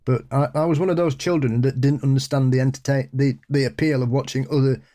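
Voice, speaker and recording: A man co-hosts a casual podcast with a mellow, darker voice at a middle pitch. He drops dry, sardonic quips into the conversation. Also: steady tone, fast. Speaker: podcast co-host. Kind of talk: casual chat.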